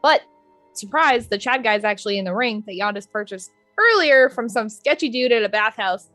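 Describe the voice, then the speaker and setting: A woman's voice: a little high, expressive, normal speed, bright, forceful tone, no room sound, faint music behind. Profane young woman recapping a tabletop game. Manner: rambling, profane, acts out quotes. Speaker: player recapping the last session. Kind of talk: casual storytelling recap.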